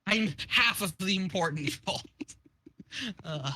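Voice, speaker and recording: A man's voice: sits high, slow pace, pauses often, sharp tone, slight background noise. A man chatting playfully with friends while they read a comic together. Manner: playful, laughing, questioning. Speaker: streamer reading with friends. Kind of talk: casual chat.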